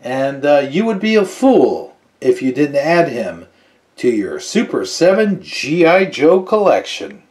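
A man hosting a casual toy review, reading a figure's file card aloud and chatting in an unhurried way with fillers. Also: on the high side, sing-song, darkish tone, reverberant, far from the mic.

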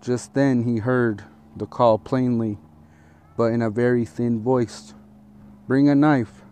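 Male storyteller reading a fable; slow, steady, mid-pitched. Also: smooth.

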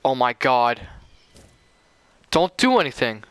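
A young man chatting casually with a teammate while playing, excitable and saying "dude" a lot. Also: mid-range voice, slow pace, clean tone, no echo. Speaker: gamer. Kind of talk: casual gameplay chat with a teammate.

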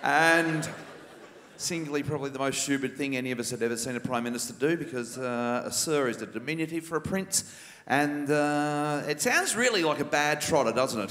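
A man's voice: fairly high pitch, animated, moderate pace, fairly bright tone. A man with an Australian accent performing sardonic stand-up comedy on a large theater stage. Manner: sardonic political satire. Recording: live stage mic in reverberant theater.

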